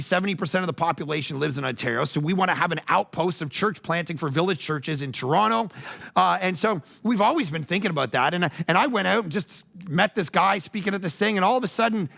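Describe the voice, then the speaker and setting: A man, the church's pastor, preaching a conversational sermon with lively storytelling and joking asides. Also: sits high, creaky.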